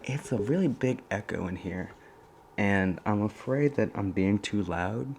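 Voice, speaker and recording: A young man hosting a casual solo podcast from a college dorm room, talking in a soft, hushed voice and rambling through stories. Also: on the low side, expressive, a little slow, vocal fry, a little hiss or hum. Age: young adult. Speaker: podcast host.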